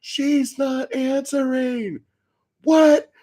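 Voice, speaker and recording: A man's voice: extremely high pitch, steady tone, extremely slow, mellow, voice pushed up, full character voice. A man voicing an angry older man in a wheelchair hollering up at a window in a demanding way. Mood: yelling. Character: irate older man in wheelchair bellowing upward.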